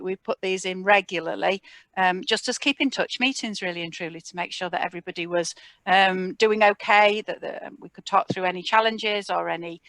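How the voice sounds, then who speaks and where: A woman, a community support coordinator, gives an informal, chatty introduction to a video meeting and pauses often to think. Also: lowish voice, fairly bright tone, dry recording. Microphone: computer mic on a video call.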